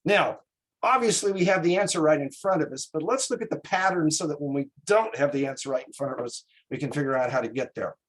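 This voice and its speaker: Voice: medium pitch, fast, rough recording. A math instructor giving a classroom lecture in a folksy way, checking in with students and slipping in small jokes.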